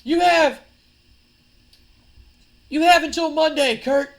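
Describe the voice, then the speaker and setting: A man voicing a furious male wrestler who yells threats and challenges. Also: very high voice, slow pace, pitched above the performer's own voice. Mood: angry shouting. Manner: yelling, threatening, heated.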